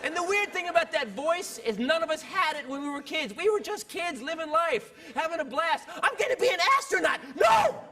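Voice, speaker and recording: High-pitched shouting male comic. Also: normal speed, hardly any pauses, some chatter behind. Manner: loud, animated, often shouting. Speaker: stand-up comedian. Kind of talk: stand-up comedy. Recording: distant stage mic, loud audience.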